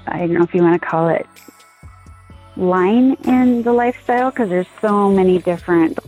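A woman from Montana chatting as a podcast guest, relaxed and quick to laugh. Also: on the low side. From Montana, USA. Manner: laughs easily, relaxed with fillers. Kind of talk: casual interview chat. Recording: phone-like line with faint music.

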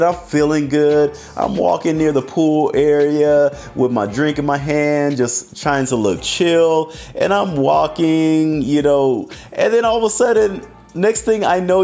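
A man telling a story to his viewers in a casual, animated way, swearing freely and often laughing. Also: a little high.

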